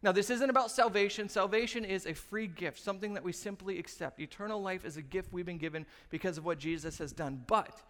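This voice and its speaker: A man in his thirties preaching a sermon as pastor, telling stories in an animated way and acting out the quotes. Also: high-pitched, a little fast, few pauses. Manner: animated storytelling, acts out quotes. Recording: long reverb of a large room.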